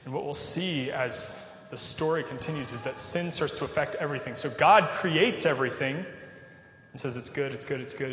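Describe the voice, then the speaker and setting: A man's voice: a little high, a bit bright, slight background noise. A man with a nasal voice, preaching a sermon in a conversational way with casual asides. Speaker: pastor. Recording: echoey hall with long reverb.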